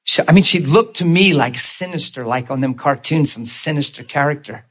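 Husky, high, animated man telling a story. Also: normal speed. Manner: excitable, swoops into high exclaims and laughter. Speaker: storyteller giving a testimony.

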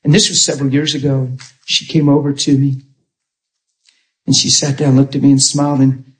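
A man preaching a sermon, telling stories with animated delivery and acting out the quoted voices in soft tones. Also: mid-range voice, moderate pace. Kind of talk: sermon storytelling. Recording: echoey room.

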